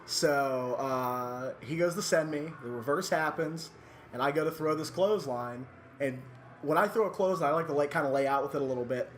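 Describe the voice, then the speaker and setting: With slight background noise behind him, a man co-hosting a podcast spins a casual backstage tale at a fairly quick pace. His voice is a little high, and he keeps laughing mid-story and dropping fillers.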